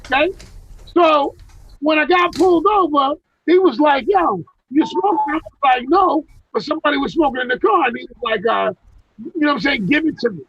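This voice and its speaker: On a video call, a guest rambles through long, profane stories from his life, restarting often in a casual chat. His voice is very high-pitched and a bit bright, a little fast, and the video call mic gives lo-fi sound.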